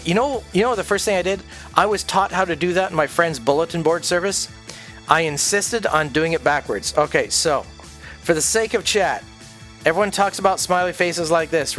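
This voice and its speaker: A man's voice: a little high, fairly bright tone. Sweary rambling man with faint music. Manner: sweary, rambling, laughing often, mocking voices in quotes. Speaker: streamer host. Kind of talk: casual chat.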